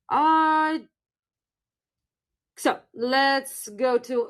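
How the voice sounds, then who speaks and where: A woman's voice: high-pitched, very slow, pauses often. A young woman from Russia with a Russian accent, teaching her native language in a chatty live-stream lesson and answering viewers in the chat.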